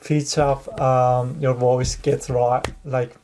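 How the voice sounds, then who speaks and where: A man's voice: mid-range voice, little pitch movement, slow pace, darkish tone, a little hiss or hum. A man giving a casual spoken tutorial on exam speaking, rambling and conversational as he explains. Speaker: test-prep tutor.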